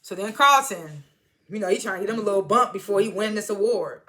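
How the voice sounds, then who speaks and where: A woman's voice: medium pitch, quick pace, bright, forceful tone. A woman casually recapping a TV episode, chatty and slangy as she retells scenes. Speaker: TV show reviewer.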